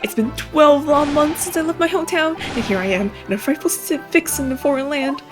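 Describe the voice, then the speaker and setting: A woman's voice: medium pitch, normal speed, close to an everyday voice. A woman voicing a paranoid, theatrical young male Japanese student held as a prisoner, speaking in florid alliterative outbursts over game music. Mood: gushing. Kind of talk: reading game dialogue aloud on a live stream.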